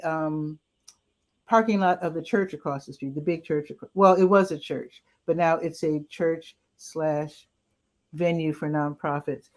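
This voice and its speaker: Lower-voiced lady running through weekend events, chatty, voice cracking a bit. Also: darkish tone. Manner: chatty and upbeat, with asides and self-corrections. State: voice cracking now and then. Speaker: community events host. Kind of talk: casual weekend events rundown.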